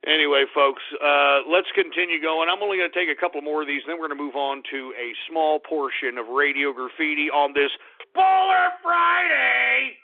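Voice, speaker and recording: A man's voice: fairly high pitch, steady tone, a little fast, hardly any pauses. A middle-aged man hosting a talk radio show, ranting in a blunt, crude, opinionated way. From Texas. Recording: tinny phone-like radio audio.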